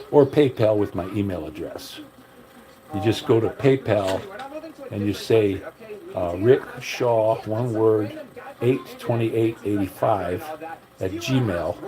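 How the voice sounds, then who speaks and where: A man's voice: fairly low pitch, poor audio. A middle-aged man chatting casually on a livestream in a rambling, folksy way, talking straight to his viewers. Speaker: livestream host.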